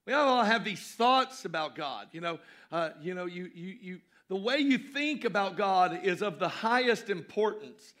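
A man preaching a sermon to his congregation, repeating key phrases and swinging between loud emphasis and quieter asides. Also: high voice, lively intonation, normal speed, few pauses. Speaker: pastor.

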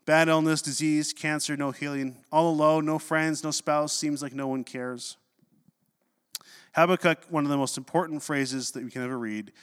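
Male pastor, sermon, animated storytelling, higher voice, reverberant hall. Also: moderate pace, clear, resonant tone. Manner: animated storytelling, drops low for quoted scripture.

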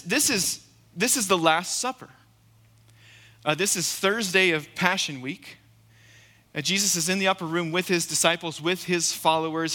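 A man's voice: high-pitched, sharp tone. Emphatic man preaching in a reverberant hall. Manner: earnest, emphatic, repeats key phrases. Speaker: guest preacher. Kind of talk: sermon with scripture reading.

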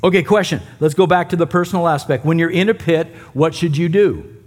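A man's voice: on the high side, brisk. A man preaching a sermon and teaching a Bible passage in a conversational way, with asides to the congregation. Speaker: pastor.

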